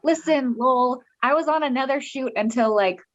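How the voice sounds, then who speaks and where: A woman's voice: sits high, moderate pace, fairly bright tone, dull audio. A woman, a voice actor, chatting in a friendly way between takes from her bedroom over a video call. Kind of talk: casual chat between takes.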